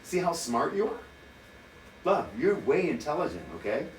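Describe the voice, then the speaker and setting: Man, fairly high voice, casual vlog chatter, swearing, echoey room. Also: moderate pace, a little hiss or hum. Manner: animated, profane, teasing. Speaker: vlogger. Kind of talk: casual chat. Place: hotel room. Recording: echoey room, mic at a distance.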